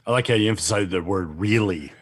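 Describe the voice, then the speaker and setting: A man's voice: on the low side, fast talker. A middle-aged man co-hosting a casual chat, playful and teasing, with emphatic bursts. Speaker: podcast co-host.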